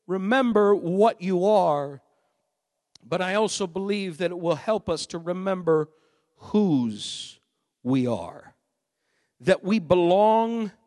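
A male preacher delivering a sermon, emphatic, swinging between loud shouted passages and quiet, low asides.

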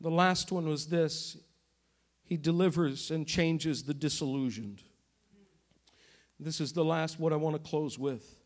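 A man's voice: a little high, a little slow, pauses often. A man preaching a sermon as pastor, passionate and repetitive in his delivery.

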